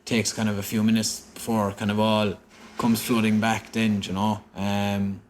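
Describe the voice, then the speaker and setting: A man in his thirties with a Cork Irish accent, telling a personal story openly as a podcast guest, halting and full of fillers. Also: on the low side, monotone, slight background noise. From Ireland. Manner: open, halting, repeats himself with many fillers. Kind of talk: candid storytelling. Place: indoor room in San Francisco.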